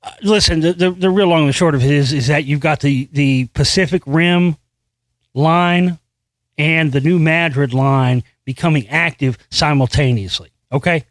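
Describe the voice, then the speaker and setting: This man reads a news article aloud on his solo commentary show and then comments in profane, frustrated rants, restarting often. His voice is a little high, his speed normal, and there is no room sound.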